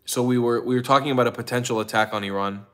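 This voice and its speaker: A man's voice: medium pitch, fairly even intonation, quick pace, a bit bright. A tired man hosting a casual livestream, rambling with restarts and greeting viewers from the chat by name. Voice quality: rambling, with restarts and frequent ums. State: tired, yawning. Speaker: livestream host.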